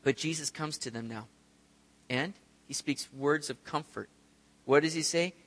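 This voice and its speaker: A man preaching a sermon, telling the story with animated, acted-out scenes. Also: a little high, measured pace, big-room sound. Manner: animated storytelling, acts out voices of disciples. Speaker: pastor.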